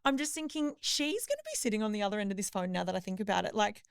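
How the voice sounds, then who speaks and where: A woman on a podcast, telling a chaotic story with lively acted-out voices of other people. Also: mid-range voice, rapid-fire, vocal fry, clear, resonant tone, no room sound, clean studio sound. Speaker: podcast co-host. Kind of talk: casual storytelling chat.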